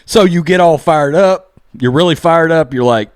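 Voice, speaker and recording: A man giving a casual episode review, excitedly recapping scenes and acting out the characters' lines, often saying "okay?" and "look". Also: fairly high pitch, unhurried, dry recording, clean studio sound. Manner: animated, acts out character lines while recapping. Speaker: show reviewer.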